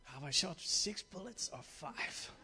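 A man doing an impression of a squinting, menacing male movie cop, in a low, hushed growl. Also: animated, unhurried, vocal fry, full character voice.

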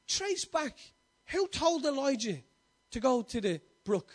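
High-voiced male preacher. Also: sing-song, a little slow. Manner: rhetorical questions, repeated call-and-answer, stumbling restarts. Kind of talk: sermon.

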